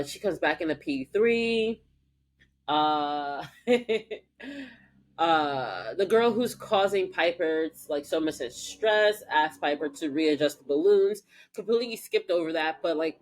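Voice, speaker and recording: Podcast co-host, woman, lower voice, casual animated recap delivery. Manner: animated, acts out characters' lines in quick voices. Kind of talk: casual chat recapping a TV episode.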